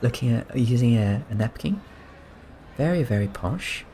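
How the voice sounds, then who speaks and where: A man giving relaxed, soft-spoken gameplay commentary, musing and amused as he points things out. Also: mid-range voice, moderate pace, slight background noise. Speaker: gaming streamer.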